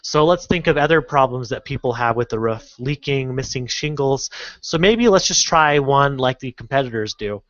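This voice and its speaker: A man teaching an online course in a casual, halting screen-recorded tutorial, full of fillers and restarts. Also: mid-range voice, animated, a bit bright, no room sound, highs cut off. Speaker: online marketing instructor.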